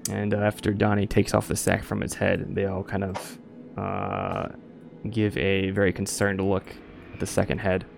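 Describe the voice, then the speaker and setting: A man with a low, gravelly voice narrates a tabletop game as its game master. He talks in a relaxed way, pausing often with fillers, while faint music plays behind him. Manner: relaxed, frequent filler pauses.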